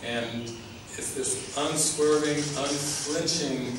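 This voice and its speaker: A man's voice: on the high side, steady tone, takes it slowly. A man giving an informal spiritual talk as a teacher, earnest and often laughing, repeating his words. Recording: echoey, distant mic with background noise.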